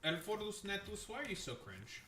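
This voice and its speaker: A man's voice: high-pitched, big pitch swings, normal speed, sharp tone, echoey room, slight background noise. A man streaming, trading crude, teasing banter and mock-grandiose announcements with his chat. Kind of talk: casual livestream banter.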